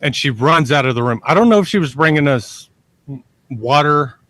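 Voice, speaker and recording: A man's voice: a little high, lively intonation, normal speed, fairly bright tone, dry recording. A man telling a long personal story as a podcast guest. He rambles, repeats himself and curses freely. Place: lives near a large army base in Texas.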